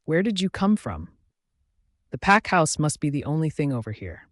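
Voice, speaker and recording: A man's voice: on the high side, big pitch swings, normal speed, a bit bright, no room sound, clean studio sound. A man voicing a firm male border guard. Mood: firm, puzzled. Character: male wolf pack border guard, firm then puzzled.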